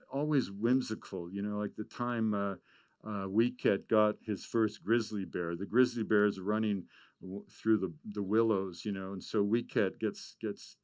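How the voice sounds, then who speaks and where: A man giving a storytelling talk, animated and full of stammered restarts. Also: lowish voice, no room sound. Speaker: speaker.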